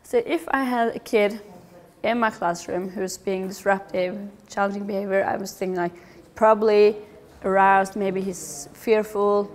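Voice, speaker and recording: A middle-aged woman giving a lively public talk about children's behaviour, with humorous asides. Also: mid-range voice, measured pace. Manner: lively, acts out quoted voices, humorous asides.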